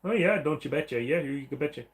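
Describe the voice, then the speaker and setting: A man's voice: fairly high pitch, expressive, quick pace. A man hosting a casual livestream, chatting bluntly and profanely while reading viewer comments aloud. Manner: blunt, profane and rambling, mock-voices chat messages. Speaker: livestream host.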